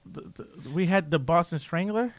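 A man in casual political chat, animated and ranting, often mocking other people's voices. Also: a little high, normal speed, dry recording.

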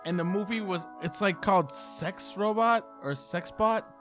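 A man's voice: high-pitched, moderate pace, music in the background. A young man telling a story in a casual podcast chat, rambling and laughing, with many restarts. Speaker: podcast co-host.

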